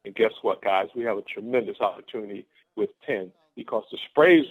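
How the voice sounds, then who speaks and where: A man's voice: mid-range voice, a little fast. A man giving an exuberant, repetitive motivational pep talk on a conference call. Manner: exuberant, repetitive, laughs often. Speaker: guest speaker on a team conference call. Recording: phone-line conference call.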